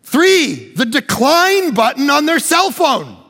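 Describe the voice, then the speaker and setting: A pastor preaching a sermon, joking and acting out little conversations in an animated way. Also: male voice, very high voice, takes it slowly, big-room sound. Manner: animated, joking, acts out dialogue.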